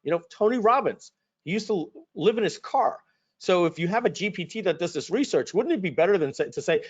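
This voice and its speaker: Animated man on a lo-fi call. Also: a little high, fairly quick. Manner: animated, acts out quotes. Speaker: guest expert. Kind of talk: casual webinar talk. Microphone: video call. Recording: dull lo-fi call audio.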